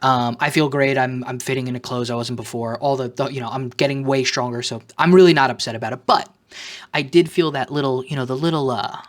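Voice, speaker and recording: A man talking straight to camera in a confessional vlog, self-mocking, jumping between loud joking outbursts and quiet muttered asides. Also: medium pitch, a little fast. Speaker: vlogger.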